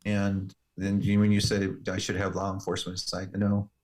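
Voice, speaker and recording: This interview guest, a man whose voice sits a little low, tells his personal story at a moderate pace. He's steady and earnest, coming across as a firefighter and paramedic who has recounted it before.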